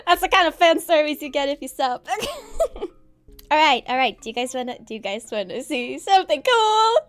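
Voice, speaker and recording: A woman's voice: high-pitched, animated, normal speed. A young woman streaming as a VTuber, showing off her avatar in a bubbly, giggly, exclamatory way with playful chatter. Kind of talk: excitable stream chat showing off a model.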